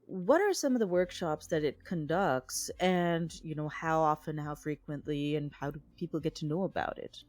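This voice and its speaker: A woman's voice: deep voice, moderate pace, hardly any pauses, darkish tone, soft background music. A woman hosting a podcast interview, asking questions in a hesitant way as she searches for words. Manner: hesitant, searching for words with fillers, brief backchannels. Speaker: podcast host.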